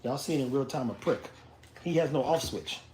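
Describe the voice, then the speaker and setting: Loose, chatty young man on a live stream. He talks to his dogs and viewers in an even middle voice, with light clicks behind him. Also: medium pitch, normal speed, a little hiss or hum. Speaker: dog owner streaming live. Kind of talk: casual live-stream chat.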